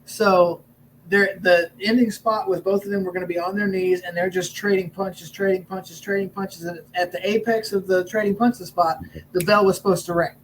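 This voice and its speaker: Man, high voice, referee guest from augusta, animated storyteller, acts out lines, faint hiss. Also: moderate pace, rough recording. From Augusta, Georgia. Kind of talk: casual interview storytelling.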